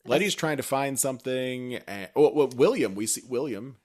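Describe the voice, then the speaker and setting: A man co-hosting a podcast, chatting casually and playfully about a TV episode like an excited fan. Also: mid-range voice, moderate pace. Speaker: podcast co-host. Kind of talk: casual chat recapping a TV episode.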